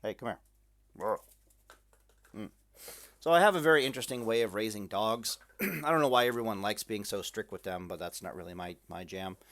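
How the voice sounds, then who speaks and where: Guy rambling thru a late night vlog in his room, lotsa ums, kinda low voice, dry jokes about himself. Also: a little fast, fairly bright tone. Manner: rambling, many fillers, dry self-mocking humor. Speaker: gaming video creator.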